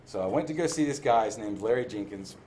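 A man's voice: lowish voice, expressive, fast, dark tone, slight background noise. A man sharing his recovery story in a candid testimony, telling it with self-mocking humor and frequent laughter. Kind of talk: personal testimony talk.

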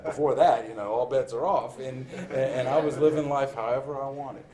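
A man's voice: medium pitch, fairly even intonation, normal speed, crowd noise. A man sharing his recovery story in a candid testimony, telling it with self-mocking humor and frequent laughter. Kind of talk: personal testimony talk.

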